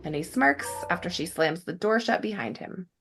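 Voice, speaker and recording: Woman host recapping, animated. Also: on the low side, normal speed, over loud music. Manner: animated storytelling, laughs often. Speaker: podcast host. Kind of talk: recap commentary.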